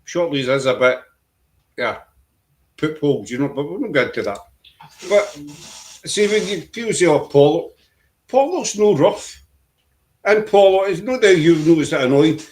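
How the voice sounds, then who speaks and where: A man from Glasgow with a Glaswegian Scottish accent, a podcast guest in casual chat who tells rambling stories with lively swings in pitch. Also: moderate pace, long pauses. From Glasgow, Scotland.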